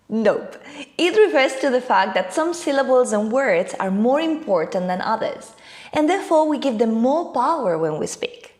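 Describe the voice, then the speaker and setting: A woman teaching an online English lesson in a clear, emphatic, scripted delivery. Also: fairly high pitch.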